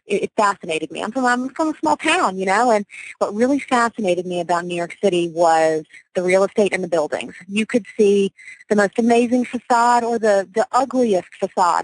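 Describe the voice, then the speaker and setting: A self-assured woman in her forties, originally from Louisiana, speaks as a radio guest at a middle pitch. Her talk is energetic, coming in quick bursts with some restarts, and the recording is close and dry, with no room sound. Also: no echo, rough recording. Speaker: guest, real estate broker. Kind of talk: radio interview.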